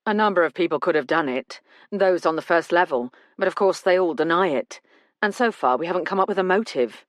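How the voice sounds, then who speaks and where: A woman voicing a calm male police detective who explains things in a measured way. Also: on the low side, no echo, natural voice. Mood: matter-of-fact.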